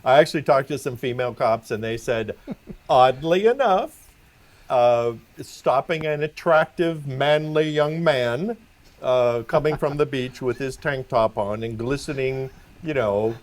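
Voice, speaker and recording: Middle-aged male co-host, ex-traffic cop, chatty storyteller with frequent laughs. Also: mid-range voice. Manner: laughing, animated anecdotes. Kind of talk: casual storytelling chat.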